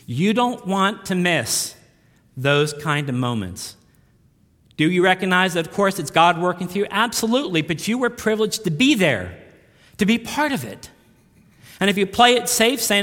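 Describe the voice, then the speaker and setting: Male pastor, sermon, earnest, swells and softens, slightly high voice, echoing hall. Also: big pitch swings, moderate pace. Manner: earnest preaching, swells louder on key lines then drops soft.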